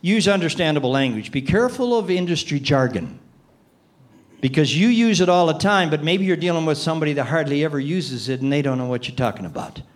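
A man's voice: fairly high pitch, expressive, a little fast. An older man giving a sales training talk, chuckling often and acting out little scenes with quoted people.

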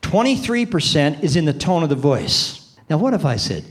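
An older man leads a sales training session with a voice that rises and falls a great deal and sits a little high for a man. He chuckles between points and acts out the people he quotes, switching into their voices. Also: sing-song, normal speed, few pauses. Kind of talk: training seminar talk.

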